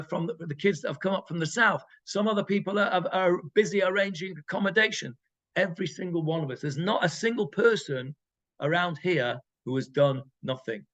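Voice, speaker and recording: A man's voice: a little high, fairly bright tone, muffled recording. A man, a rabbi leading an informal text class, reading verses and translating them with emphatic repetition. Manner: emphatic, repeats phrases, reads verses then translates. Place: community room with a group.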